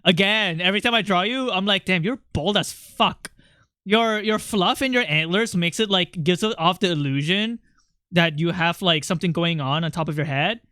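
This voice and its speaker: Talking loosely while drawing on a livestream, this streamer has a smooth, clean voice at a medium pitch with a sharp tone. They joke around, say sorry quickly, and often knock their own art. The audio is close and dry, with no echo at all.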